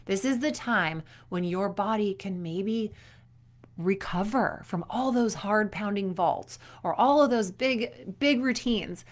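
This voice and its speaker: A performance coach in her thirties gives young athletes an upbeat, chatty motivational talk, acting out little quotes as she goes. Her voice sits at a medium pitch.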